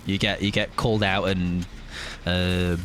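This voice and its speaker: With a low, level, unhurried voice that's a touch bright, an English streamer in his youth chats easily with his audience over slight background noise. He plays a game, cracks jokes, and reads the chat aloud.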